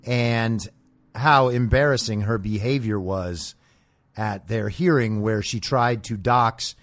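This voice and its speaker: A man's voice: on the low side, no room sound. A man hosting a political commentary show, talking in a blunt, sarcastic and profane way. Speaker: host.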